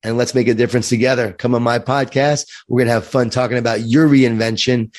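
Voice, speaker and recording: A man's voice: medium pitch, fairly even intonation, brisk. Earnest upbeat man with a light New York accent. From Long Island, New York. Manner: earnest and upbeat, repeats words while thinking. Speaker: guest. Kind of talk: interview conversation.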